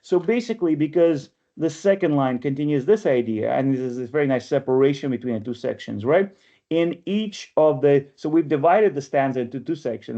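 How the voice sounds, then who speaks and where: Through lo-fi audio from a video call, a workshop instructor lectures on poetry, walking through each step and constantly asking "right?" to check in. His voice is on the high side but dark in tone.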